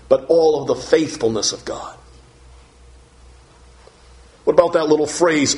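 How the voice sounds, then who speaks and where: A man preaching a sermon, emphatic, piling up synonyms and rising to shouts on key words, and putting questions to the congregation. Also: medium pitch, moderate pace. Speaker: pastor.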